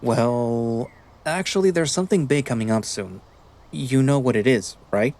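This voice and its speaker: A man's voice: medium pitch, a little slow, darkish tone, close to an everyday voice. A man voicing David, a frustrated young best friend, in a visual novel reading with faint music behind. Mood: friendly, awkward. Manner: pleading, earnest, swearing when upset.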